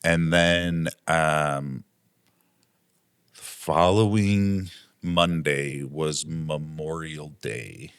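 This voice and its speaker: This guest, a property manager, speaks extremely slowly in an extremely deep, low voice while spinning a long work story. He rambles in an offhand way, plugging pauses with lots of "um" and "like," and the clean audio is dry and close-miked, free of room echo.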